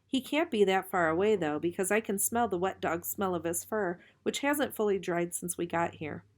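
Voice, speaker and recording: A woman reading a novel aloud in a calm, measured way, slowing for suspense. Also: on the low side. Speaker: reader.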